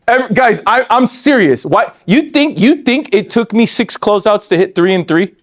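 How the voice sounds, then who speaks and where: A man in his forties running a live training session for a sales team, animated and joking, laughing often and talking straight to the room. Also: high-pitched, normal speed. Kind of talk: live training talk to an audience.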